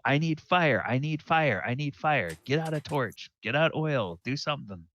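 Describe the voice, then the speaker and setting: Desperate spear-fighter, voiced by a man, urgent, commanding, pitched up, loud. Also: expressive, moderate pace. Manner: urgent, repeated pleading commands.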